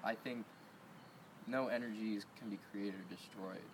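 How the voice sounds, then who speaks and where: Cold, shivering man with a low voice. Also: steady tone, measured pace, background noise. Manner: hesitant, restarting sentences. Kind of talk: casual conversation.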